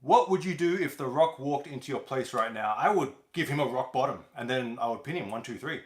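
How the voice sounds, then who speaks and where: A man chatting casually on a livestream, rambling along with plenty of "you know"s and restarts. His voice sits at an ordinary middle pitch and carries a noticeable echo, as if he is in a bare room at home. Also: expressive, fairly quick. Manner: loose, rambling, with many fillers. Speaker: host of a car wash business channel.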